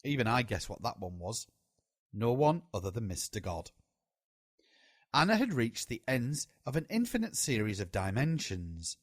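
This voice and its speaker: A man reading a memoir aloud as an audiobook, in a slow, lively storytelling way. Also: mid-range voice, no echo, clean studio sound. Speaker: audiobook reader.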